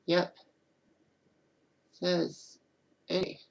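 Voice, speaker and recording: A woman's voice: lowish voice, completely flat delivery, drawn-out words, creaky, lo-fi sound, slight background noise. A woman hosting her own channel, talking alone in a rambling casual way and often repeating "and all that.". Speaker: channel host. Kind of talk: casual solo commentary.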